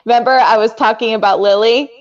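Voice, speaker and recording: A woman's voice: on the high side, fairly even intonation, fast talker, muffled recording. A woman hosting a casual trivia stream, teasing and laughing often as she chats with her boyfriend. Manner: giggly, teasing. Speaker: trivia host. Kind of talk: casual chat.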